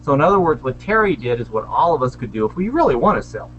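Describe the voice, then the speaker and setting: A man's voice: medium pitch, very animated, fairly bright tone, muffled recording, faint music behind. Self-deprecating man on a video call. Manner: chatty, self-deprecating, quick to joke. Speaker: panelist, small business owner. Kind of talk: casual video call discussion. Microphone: video call webcam.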